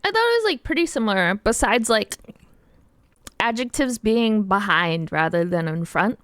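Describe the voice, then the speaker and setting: A woman's voice: medium pitch, expressive, moderate pace, a bit bright, dry recording, clean studio sound. A young woman streaming while she draws, chatting casually and giggling as she answers her chat.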